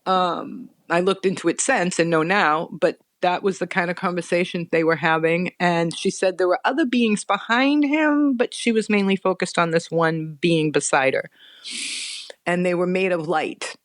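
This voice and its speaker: A middle-aged woman telling a personal story as a guest, earnest and animated, often restarting her sentences. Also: on the low side, normal speed, no echo, studio quality.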